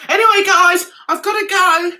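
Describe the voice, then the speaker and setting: A woman's voice: extremely high pitch, steady tone, normal speed, sharp tone, poor audio. A woman with an English accent, chatting casually to viewers on a livestream in a rambling way while losing her voice. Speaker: livestream host.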